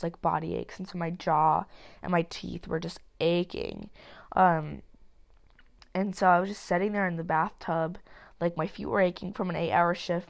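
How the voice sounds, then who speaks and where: 19 yo woman rambling on her podcast, swears a lot, lotsa ums, bit of vocal fry, getting over a cold. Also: lowish voice. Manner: rambling, candid, swears casually, many fillers. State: sick with a cold. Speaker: podcast host. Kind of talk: solo podcast monologue.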